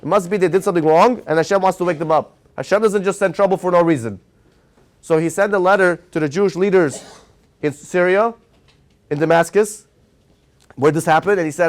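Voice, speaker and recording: Fast-talking, high-voiced rabbi telling a story. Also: male voice. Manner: animated storyteller who quizzes his audience. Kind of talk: storytelling Torah class.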